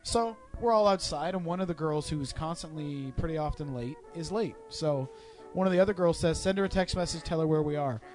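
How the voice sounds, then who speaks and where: A man's voice: a little high, fairly quick, few pauses, a little mellow, faint music behind. A young man hosting a casual chat among friends, profane and teasing, telling a story and putting on voices. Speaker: podcast host.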